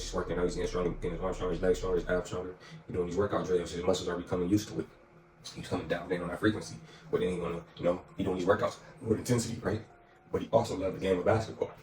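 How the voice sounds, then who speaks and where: Deep-voiced man giving a fast motivational talk. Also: a little mellow. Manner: slangy, emphatic, repeats phrases. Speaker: motivational speaker. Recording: echoey room, distant mic, music behind.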